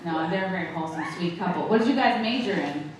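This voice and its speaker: A woman's voice: on the low side, expressive, quick pace. A woman comedian with a New York accent doing brash, profane crowd work on a club stage. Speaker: stand-up comedian. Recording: echoey live club audio from a distance. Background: audience noise.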